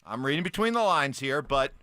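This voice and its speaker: A man hosting a morning sports radio show, his voice bright and forward. He talks in an animated, lively way, swinging his pitch up and down. The studio sound is close and dry. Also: a little fast, no room sound. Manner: animated, conversational.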